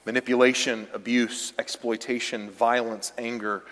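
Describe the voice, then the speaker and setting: A man's voice: mid-range voice, level tone, moderate pace, fairly bright tone. A male pastor preaching a sermon, speaking with emphatic, direct exhortation in a church sanctuary. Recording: long reverb of a large church hall.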